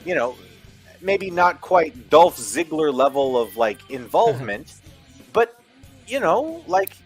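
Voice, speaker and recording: A man's voice: fairly high pitch, big pitch swings, unhurried, slightly rough, faint music behind. A man from Philadelphia with a Philadelphia accent, co-hosting a casual wrestling chat and giving strong opinions in long, rambling takes full of "like" and "you know". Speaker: co-host.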